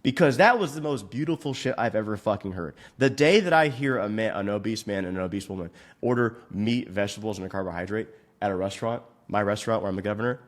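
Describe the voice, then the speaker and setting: Lively-pitched man ranting with crude swearing. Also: fast. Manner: crude, swearing, mock-outraged. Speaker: fitness coach. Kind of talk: profane comedic rant.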